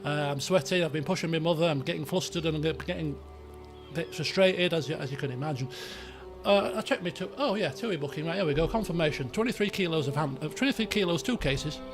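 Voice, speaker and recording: A man, hosting a game video and telling a rambling personal story in an animated way, full of restarts and asides. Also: a little high, fast talker, music in the background. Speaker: let's play host.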